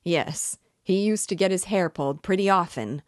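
Brief: a slurring, boisterous drunk man who mocks his hostess, loud and slow, played by a woman reading aloud. The recording is dry and close. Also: sits low, lively intonation, dry recording. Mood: jeering. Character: drunken, jeering male clerk, middle-aged.

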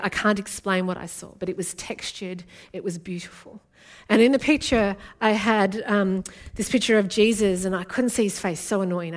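Earnest woman preaching. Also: mid-range voice. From Australia. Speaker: guest preacher. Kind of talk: sermon.

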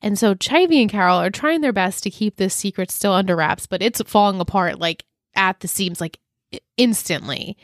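A woman's voice: medium pitch, animated, no room sound, studio quality. Chatty woman recapping a show. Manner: chatty, quotes characters in quick asides, frequent "like". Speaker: podcast co-host. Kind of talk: casual recap chat.

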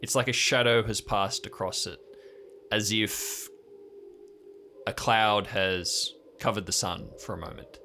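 A man running a tabletop game as game master, slowly describing each scene in detail. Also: lowish voice, bright, forceful tone, slight background noise. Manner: slow, descriptive scene-setting.

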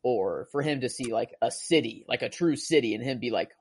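A man's voice: medium pitch, lively intonation, a little fast, darkish tone, breathy edge, dry recording. Guy rambling about a movie, voice jumps all over, lots of like like like, dry close sound. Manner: rambling, full of "like" fillers and restarts; emotional, gushing about the film. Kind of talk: casual movie discussion.

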